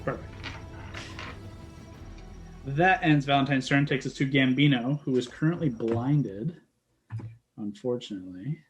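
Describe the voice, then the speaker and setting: A man narrating as dungeon master, slow dramatic scene-setting between rules talk. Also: medium pitch, lo-fi sound, faint music behind. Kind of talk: narrating a tabletop game.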